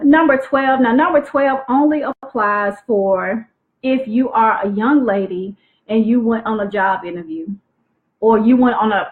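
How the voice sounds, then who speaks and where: A woman teaching teen girls on a live stream, speaking clearly and expressively. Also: medium pitch. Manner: clear, articulate, expressive delivery. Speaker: youth self-esteem coach. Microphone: phone livestream. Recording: tinny phone-like livestream audio.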